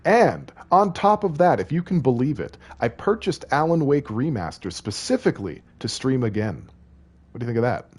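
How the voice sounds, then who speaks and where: A man's voice: medium pitch, big pitch swings, moderate pace, darkish tone, husky. A man streaming a game, chatting playfully with viewers, rambling between lines of game text he reads aloud. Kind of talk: casual live-stream chat while playing.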